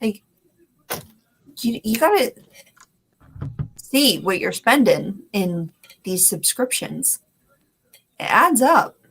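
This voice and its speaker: A woman co-hosting a live web talk show, relaxed and chatty in casual conversation. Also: a little high, takes it slowly, pauses often, slight background noise.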